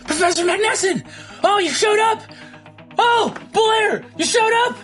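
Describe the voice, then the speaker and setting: A man doing a squeaky, excitable boy mage. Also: a little slow, soft background music. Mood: excited. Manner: high, flustered and squeaky.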